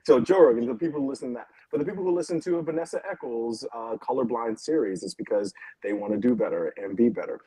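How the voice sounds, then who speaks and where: A man's voice: mid-range voice, fast, hardly any pauses, mellow, husky, no echo, rough recording. A man speaking on a video call from home in a casual panel discussion, hesitant and full of restarts. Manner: hesitant, many fillers and restarts, laughs between points. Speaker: panel guest.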